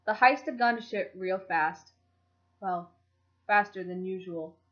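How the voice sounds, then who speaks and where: A woman reads a story aloud with steady, expressive narration at a middling pitch. The recording is dull and lo-fi, with the top end muffled. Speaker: fan fiction reader. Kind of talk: audiobook-style story narration.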